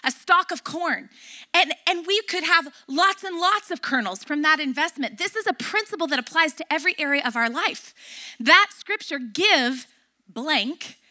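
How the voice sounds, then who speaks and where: A woman's voice: high voice, pushed and bright. A middle-aged woman pastor preaching a sermon, emphatic and repeating key phrases.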